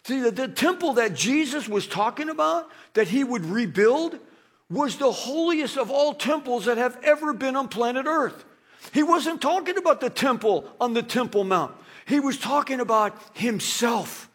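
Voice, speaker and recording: Male preacher, high husky voice, dramatic sermon delivery with animated asides. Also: normal speed.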